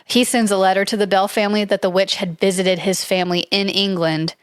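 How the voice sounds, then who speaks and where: A chatty woman walks a friend through a spooky old tale, hedging and circling back as she reads from her notes. Her voice sits at an ordinary middle pitch and sounds close and dry, with no room around it. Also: flat delivery, fairly quick, smooth, no room sound. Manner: chatty, hedging, reads from notes with frequent likes and I don't knows. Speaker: podcast co-host. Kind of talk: casual storytelling chat.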